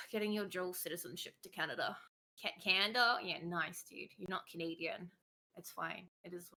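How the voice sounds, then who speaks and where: Bright-voiced chatty young woman. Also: lowish voice, normal speed. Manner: chatty, swears casually, laughs often, emotional. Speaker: streamer guest. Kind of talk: casual chat.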